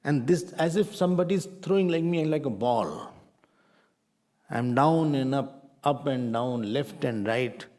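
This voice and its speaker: A middle-aged man with an Indian accent, teaching a spiritual class in a lively, playful way. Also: medium pitch, unhurried. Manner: animated, playful, mixes Hindi phrases. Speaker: Vedanta teacher.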